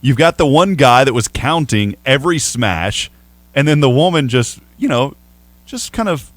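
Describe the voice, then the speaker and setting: Animated chatty male radio host. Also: medium pitch, moderate pace, dry recording. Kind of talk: casual sports radio talk. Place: radio studio.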